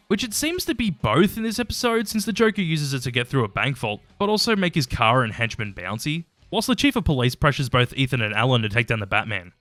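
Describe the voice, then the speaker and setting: Fast, animated man reviewing episodes. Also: medium pitch, dry recording. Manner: chatty and opinionated, with mild swearing. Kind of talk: casual commentary ranking episodes.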